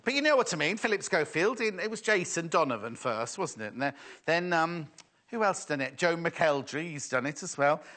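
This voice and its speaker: A man's voice: on the high side, lively intonation, fairly quick, sharp tone. A middle-aged man presenting live sales on TV, chatty and teasing as he banters with his crew. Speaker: shopping channel presenter.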